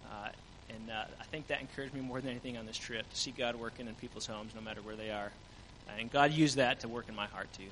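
Man, bright, earnest storytelling, hesitant fillers, faint hum, long reverb. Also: medium pitch, fairly even intonation, quick pace, few pauses. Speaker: mission trip team member. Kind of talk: church mission testimony.

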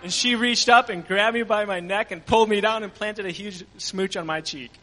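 A member of a mission trip team gives an earnest church testimony about the trip, telling his story with frequent fillers. His high-pitched voice is bright and forceful at a moderate pace, recorded in a large hall with poor audio.

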